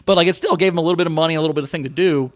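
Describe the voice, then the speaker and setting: A man co-hosting a comedy podcast, telling stories in an animated, profane, casual way. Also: fairly high pitch, very fast, no echo.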